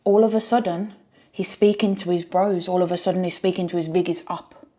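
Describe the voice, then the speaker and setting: A woman's voice: on the low side, fairly even intonation, brisk, warm tone. A woman reviewing a reality show, exasperated and firing rhetorical questions. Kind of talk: reaction review rant.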